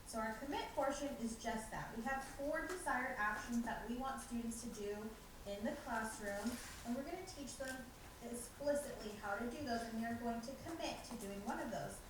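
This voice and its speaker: A woman talks teachers through a preschool lesson routine, now and then switching into a bright voice as if addressing children. Her slightly high voice comes from some distance away. The school library around her rings with heavy echo, with faint noise underneath. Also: moderate pace. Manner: modeling lines in a bright teacher voice. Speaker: curriculum presenter. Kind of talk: teacher training presentation. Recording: echoey room, distant mic, faint noise.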